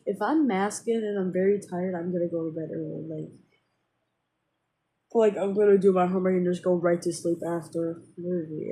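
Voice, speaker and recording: A woman talks straight to her viewers in a loose, rambling vent, circling back on her words and filling gaps with fillers. Her voice sits a little low for a woman and has a mellow, dark tone. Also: slight background noise, poor audio. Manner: rambling, with many fillers and restarts. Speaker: vlogger. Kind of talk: casual personal venting to camera.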